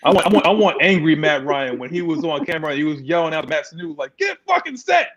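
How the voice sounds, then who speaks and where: A fairly high-voiced man co-hosting a casual sports talk stream, speaking. He is animated and laughs a lot as he talks. The audio sounds dull and lo-fi. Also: quick pace, over a noisy crowd. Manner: animated, laughs often, drawls. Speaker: co-host.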